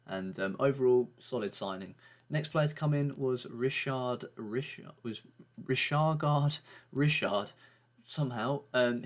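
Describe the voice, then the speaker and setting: A man giving a casual, rambling commentary on his video game season, with frequent fillers and restarts. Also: medium pitch. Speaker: gaming YouTuber.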